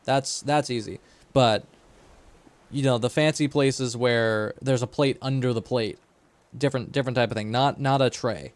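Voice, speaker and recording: A man's voice: mid-range voice, moderate pace. A man streaming a game live, chatting and joking with his co-player and chat. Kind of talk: casual livestream gaming chat.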